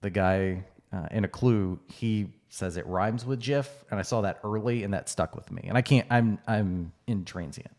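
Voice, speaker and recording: Low-voiced man co-hosting a podcast. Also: moderate pace, few pauses, a little mellow. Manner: conversational, with frequent fillers and restarts. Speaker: podcast co-host. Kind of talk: casual podcast chat.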